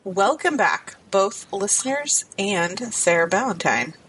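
A woman's voice: medium pitch, very animated, measured pace, heavy background noise. A woman co-hosting a podcast in casual, playful chat. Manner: upbeat, playful, chatty. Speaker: podcast co-host.

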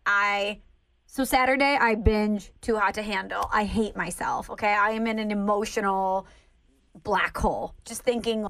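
A woman co-hosting a podcast, chatting casually and teasing her co-host in an animated way. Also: mid-range voice, normal speed, low-quality recording. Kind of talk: casual chat. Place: Saint Louis.

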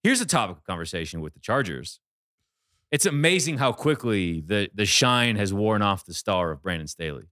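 A man hosting a casual sports betting chat, talking fast in animated bursts. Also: lowish voice, no echo, clean studio sound. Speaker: sports betting podcast host.

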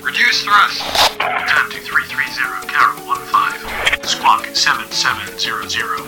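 A man's voice: mid-range voice, sing-song, a little slow. A man playing a terse air traffic controller giving flight instructions over the radio. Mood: clipped. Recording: distant voice over loud music.

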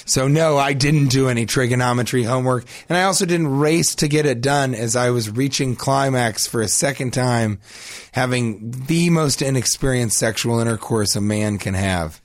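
A man hosting a comedy podcast, telling crude, absurd stories in a deadpan, rambling way. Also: mid-range voice, normal speed, no room sound.

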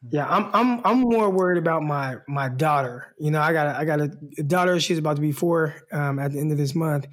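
A man's voice: fairly high pitch, fairly quick. A man from California co-hosting a sports podcast, chatting in an easygoing way and repeating words. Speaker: podcast co-host, former football player. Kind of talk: casual sports podcast chat.

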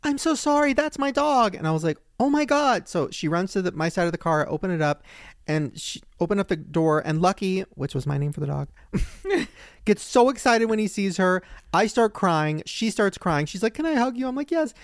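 A man co-hosting a podcast, telling a story in casual chat and jumping into high, excited quoted voices. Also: normal speed, dry recording, clean studio sound. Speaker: podcast co-host.

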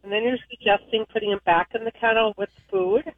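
A woman caller phoning in from her car while driving, asking in hesitant, halting restarts. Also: a little high, no room sound. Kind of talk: phone call-in question. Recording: tinny phone line from a car.

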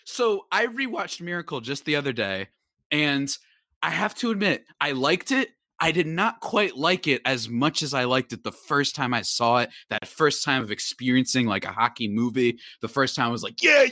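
A man chatting as a guest on a sports podcast, excitable and laughing often, exclaiming in disbelief. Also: medium pitch, normal speed, no room sound, studio quality. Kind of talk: casual sports chat.

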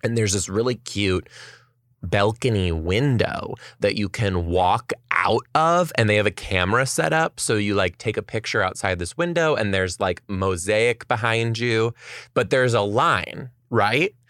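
A woman's voice: rumbling low, measured pace, no room sound, clean studio sound. A young woman podcast host telling a story in casual chat, acting out what people said and swearing freely. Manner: animated storytelling, acts out quotes, swears.

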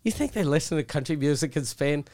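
A man's voice: a little high, lively intonation, fast, a little mellow. A man telling stories and joking with swearing in casual podcast banter. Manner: profane, joking, storytelling. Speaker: podcast co-host.

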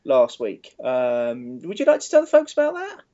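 A man's voice: mid-range voice, huge pitch swings, normal speed, mellow. A man co-hosting a beer podcast, rambling enthusiastically with lots of ums and restarts. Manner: enthusiastic, rambling with many fillers. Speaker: podcast co-host. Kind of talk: casual beer podcast chat. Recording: dull lo-fi podcast audio.

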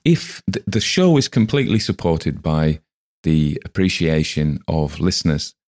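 A man's voice: a bass voice, very animated, a little slow, a little mellow. A man hosting a podcast, talking through a story he read in a rambling, reflective way, with many fillers and restarts. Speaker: podcast host. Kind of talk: casual spoken commentary on a story.

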